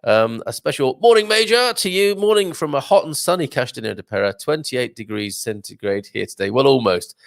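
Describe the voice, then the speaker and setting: A man's voice: medium pitch, animated, a little fast, gravelly, few pauses, dry recording, studio quality. A man hosting a live show, chatting casually and rambling through viewer comments with jokes and laughs. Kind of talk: casual live-stream chat.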